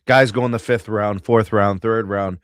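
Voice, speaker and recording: A man's voice: on the low side, fairly even intonation, normal speed, no room sound, studio quality. A man co-hosting a casual sports podcast, insistent and slangy, repeating his points. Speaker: podcast co-host.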